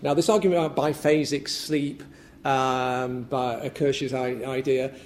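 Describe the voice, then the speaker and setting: A man's voice: mid-range voice, fairly even intonation, unhurried, slight background noise. A man giving a conference paper, talking loosely with many fillers, repeats and restarts. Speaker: academic speaker. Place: lecture room at a symposium.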